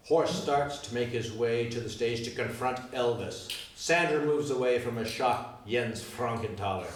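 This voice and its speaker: A man narrating the stage directions of a musical reading in a lively, expressive way. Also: mid-range voice, unhurried, a little hiss or hum. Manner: lively, expressive read-aloud. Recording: echoey room from far off.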